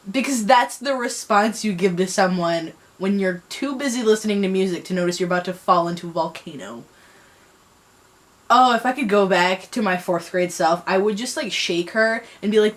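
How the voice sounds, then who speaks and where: A woman's voice: medium pitch, normal speed. A young woman vlogger, talking casually and mocking herself as she rambles, using lots of fillers. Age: young adult. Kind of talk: casual commentary on reading.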